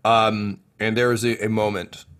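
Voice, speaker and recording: A man narrating as game master of a tabletop game, rambling casually with many fillers and trailing off softly. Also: lowish voice, flat delivery, normal speed, clean tone.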